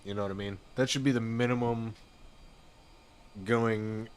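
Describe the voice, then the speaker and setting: On a live flight sim stream, a man with a fairly low, steady voice chats in an unhurried, laid-back ramble, often saying "dude" and "you know what I mean." Slight background noise is audible.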